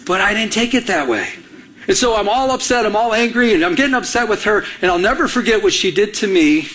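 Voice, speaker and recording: A man's voice: high-pitched, lively intonation, brisk, a bit bright. A middle-aged man from Michigan preaching a sermon, telling a personal story in a conversational way and acting out the dialogue. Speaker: pastor.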